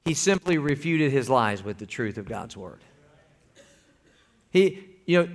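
A man delivers a sermon from the pulpit. His voice sits a little high and he talks in a folksy, conversational way. He keeps pulling the congregation in, asking them to answer back. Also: moderate pace, fairly bright tone. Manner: folksy, calls for congregation responses. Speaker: pastor.

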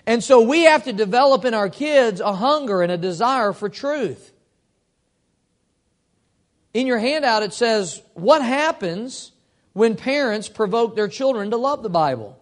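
High-voiced man preaching a sermon. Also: expressive. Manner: earnest teaching, reads scripture slowly. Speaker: pastor.

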